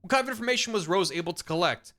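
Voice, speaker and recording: A streamer doing a brisk, sharp-tongued woman partner in a story game, pitched up high, bright and lively. She gets straight to the point. She keeps the questions coming. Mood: businesslike.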